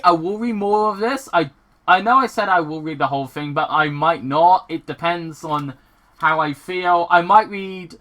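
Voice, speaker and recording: A man reading fan fiction aloud on his channel and chatting between passages, rambling and excitable, swearing casually and stumbling over words. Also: on the high side.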